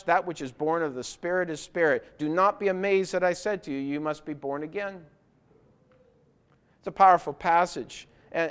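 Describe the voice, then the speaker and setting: A man with a fairly high, smooth voice preaches a sermon, explaining scripture. He presses his point through emphatic rhetorical questions that build to loud insistence.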